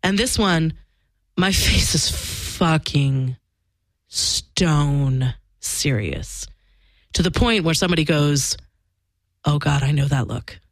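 Pausing often, a woman with a low, expressive voice tells a personal story slowly in frank, casual conversation. She swears freely and acts out what others said, in a dry recording.

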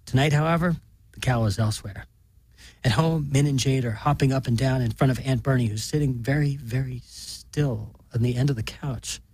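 A man reading a short story aloud in a plain, deadpan way. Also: mid-range voice, moderate pace, husky, no room sound. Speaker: narrator.

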